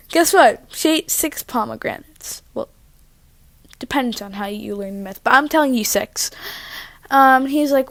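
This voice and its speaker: A woman tells a story in a chatty, rambling vlog, often interrupting herself. She records on her own mic in her living room at home. Her voice sits high and moves a little slowly, with no room sound.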